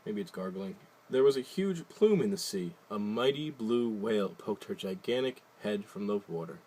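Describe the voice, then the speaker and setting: A man's voice: on the low side, lively intonation, normal speed, darkish tone, husky. A man casually reading a picture book aloud, adding wry, jokey asides and loosely retelling the story. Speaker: reader.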